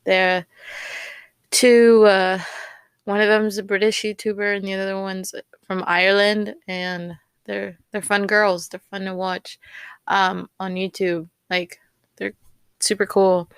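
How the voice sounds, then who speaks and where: A woman's voice: mid-range voice, level tone, takes it slowly, clear, resonant tone, dry recording. A young woman hosting a casual solo podcast, rambling with many fillers and repeated words. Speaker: podcast host.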